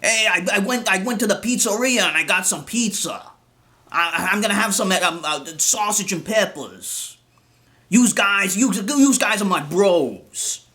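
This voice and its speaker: A man's voice: high-pitched, animated, measured pace, pushed and bright, pitched above the performer's own voice, heavily acted. A man voicing a dim, boastful Italian-American bro from New Jersey, swaggering and stumbling over his words. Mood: mocking.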